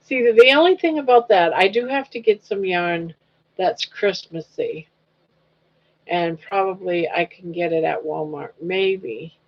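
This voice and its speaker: A woman's voice: fairly low pitch, unhurried. An older woman hosting a casual livestream chat, rambling along, reading viewers' comments aloud and cooing at her dog. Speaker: livestream host. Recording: dull lo-fi livestream audio.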